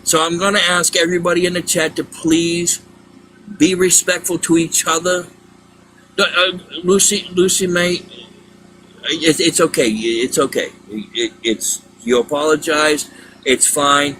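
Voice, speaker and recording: A man hosting a casual livestream, talking in a halting way with many repeated words. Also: a little high, level tone, background noise. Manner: halting, repeats words, exasperated then apologetic. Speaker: livestream host.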